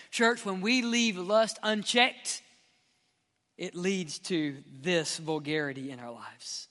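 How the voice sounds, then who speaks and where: A male pastor, preaching an impassioned sermon that swings between loud and hushed. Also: sits high, expressive, unhurried, big-room sound.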